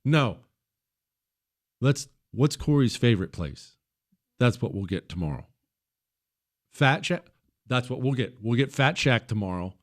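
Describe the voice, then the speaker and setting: Brief: man, talk radio host, animated and swinging in pitch, teasing banter and wry headline commentary. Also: a little slow, long pauses. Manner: joking, teasing an off-mic producer, riffing on headlines.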